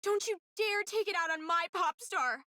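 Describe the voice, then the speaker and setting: A woman's voice: extremely high pitch, animated, slow, dry recording, clean studio sound, exaggerated voice. Reese, a furious, protective girl. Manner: shouting, emotional. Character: young woman, fierce protective friend of a pop star. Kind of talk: game voice acting.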